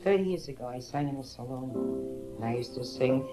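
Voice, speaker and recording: A woman's voice: extremely low pitch, brisk, mellow. A middle-aged woman doing bawdy stand-up comedy in a nightclub, teasing the audience on a handheld mic. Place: nightclub stage with live audience. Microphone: handheld stage mic. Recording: roomy early-1960s live club recording with music.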